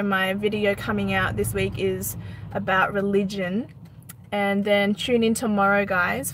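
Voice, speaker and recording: A woman's voice: medium pitch, sharp tone, slight background noise. A woman vlogging in a casual, indignant storytelling monologue, retelling an argument. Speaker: political vlogger.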